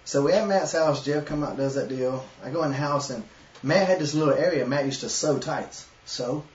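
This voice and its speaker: A man's voice: a little high, brisk. A man with a Southern US accent telling a long, profane story in casual chat and laughing as he goes. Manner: profane, animated storyteller who laughs as he tells it. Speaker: webshow host. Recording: echoey, lo-fi room mic from a distance.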